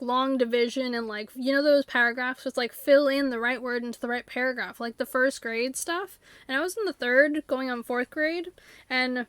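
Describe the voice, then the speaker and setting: Through a desktop USB mic, the dry recording catches a streamer's high, smooth and slightly bright voice. She rambles casually as she plays, full of filler words and goofy voices.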